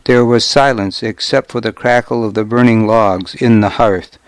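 A man narrating an audiobook in the first person, dry and gruff. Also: lowish voice, steady tone, normal speed, no room sound.

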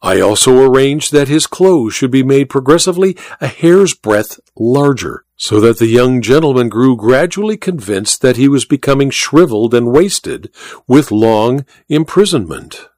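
A man's voice: mid-range voice, animated, moderate pace, a little mellow, no room sound, close to an everyday voice. A man voicing a suave, scheming colonel in an audiobook reading, deferential and precise. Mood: urbane. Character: scheming male colonel, suave courtly torturer. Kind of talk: audiobook character voice.

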